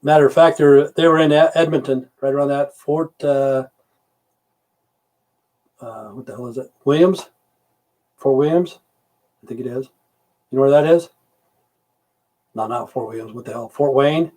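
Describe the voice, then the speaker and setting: A man's voice: medium pitch, moderate pace, pauses often, a little mellow. A middle-aged man chatting casually on a livestream, answering viewers' comments, rambling, swearing and losing his train of thought. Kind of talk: casual live-stream chat.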